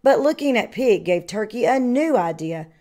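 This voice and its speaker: A woman kindergarten teacher reading a picture book aloud to children with slow, expressive storytelling. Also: on the high side. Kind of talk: children's read-aloud narration.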